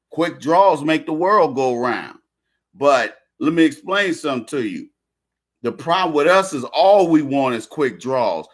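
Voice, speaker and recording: A man's voice: on the high side, a bit bright, husky. A man delivering a casual monologue rant, blunt and slangy, repeating himself and restarting phrases.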